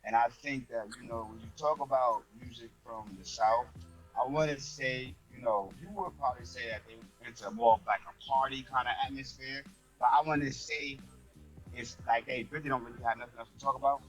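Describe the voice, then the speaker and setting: A man's voice: mid-range voice, steady tone, soft background music, low-quality recording. A man with an ordinary mid-range voice talks through his view in a casual chat. He hedges and circles with fillers as he works toward his point. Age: younger than the other speakers. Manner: measured, thinks aloud with many fillers. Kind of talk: casual discussion.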